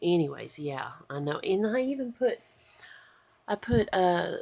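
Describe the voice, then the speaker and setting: A tired woman talks slowly to her vlog camera late at night, her voice husky with a gravelly fry. She rambles drowsily and keeps slipping into whispers. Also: lowish voice, very animated, a little mellow. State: tired and sleepy. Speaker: vlogger. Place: at home in bed at night.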